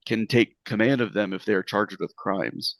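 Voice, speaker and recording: Low gravelly man running a game. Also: moderate pace, no room sound. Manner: loose, filler-heavy narration. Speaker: game master. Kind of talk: narrating a tabletop game.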